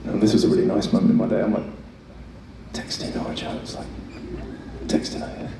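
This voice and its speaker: This time the singer's voice sits fairly low, gravelly and brisk, with a completely flat delivery as he spins a self-deprecating, profanity-laced story between songs. The man in his thirties is amplified by a stage mic and PA in a big venue, and the faraway audience recording is echoey, ambient-heavy and slightly hissy.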